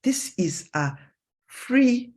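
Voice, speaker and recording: A woman's voice: extremely slow, slightly rough. A woman psychologist with a Ugandan English accent giving a motivational talk, acting out self-talk in a raised voice. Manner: animated, acts out self-talk in a high voice.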